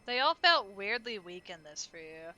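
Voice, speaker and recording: A woman's voice: mid-range voice, sing-song, normal speed, sharp tone, faint music behind. A woman giving chatty, joking let's-play commentary while streaming a game, talking to her viewers.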